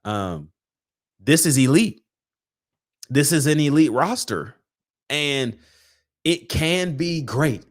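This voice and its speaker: A man's voice: fairly high pitch, expressive, slow pace, long pauses. Rambling male sports host. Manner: rambling, repeats words, frustrated. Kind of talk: casual solo sports talk.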